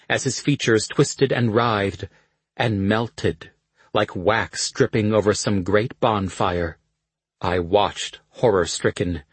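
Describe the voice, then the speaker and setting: Husky-voiced man narrating a story. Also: fairly low pitch, dry recording. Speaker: audiobook narrator. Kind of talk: scripted narration.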